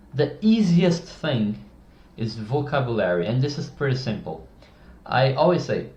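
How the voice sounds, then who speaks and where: A man's voice: mid-range voice, darkish tone. A man giving communication advice to camera in a casual, blunt, opinionated way, often restarting his sentences. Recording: echoey, dull-sounding room.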